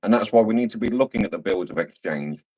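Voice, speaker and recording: A man's voice: lowish voice, expressive, fast, darkish tone, poor audio. A Scottish man in casual chat, talking emphatically and repeating his points in a lecturing way. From Scotland. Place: home.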